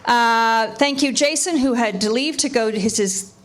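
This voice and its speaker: A woman hosting a live event, thanking people warmly and using jazz slang, sometimes close to tears. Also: fairly high pitch, normal speed. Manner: effusive, emotional, jazz slang. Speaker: event host. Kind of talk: live emcee thank-yous. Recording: live venue with crowd noise.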